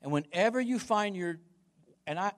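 A male pastor preaching with a high voice that swings widely in pitch. He is emphatic, doubles back on his words, and fires questions at the listeners. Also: lively intonation, normal speed. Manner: emphatic, repeats words, asks the congregation questions. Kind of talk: sermon.

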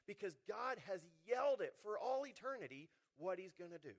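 A man preaching a sermon, lively and conversational, acting out the people in his stories. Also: high-pitched, moderate pace, gravelly, hardly any pauses. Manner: animated, acts out quotes in voices. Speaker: pastor.

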